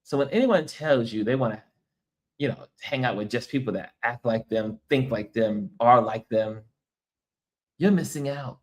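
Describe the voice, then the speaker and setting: A man's voice: mid-range voice, moderate pace, a little mellow. An American man, tired from travel and little sleep, hosting a casual livestream, chatting loosely and reading viewer comments aloud with frequent laughs. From United States. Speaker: livestream host.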